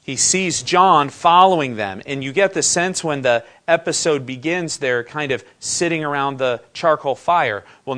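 A man preaching to his congregation in a conversational way. His voice sits at an ordinary middle pitch, and he keeps posing questions to his listeners before answering them himself. He slips into casual paraphrase to make his point. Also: fairly bright tone. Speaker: pastor. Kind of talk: sermon.

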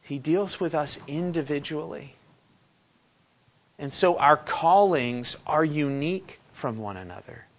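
Preaching conversationally, this pastor asks his congregation questions and rephrases scripture into plain, everyday terms with paraphrased asides. His voice is fairly high-pitched with a fairly bright tone.

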